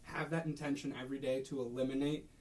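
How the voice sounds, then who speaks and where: A man's voice: medium pitch, level tone, fast, a little mellow, slight background noise. Young man telling a rambling story. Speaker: podcast co-host. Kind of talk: casual chat.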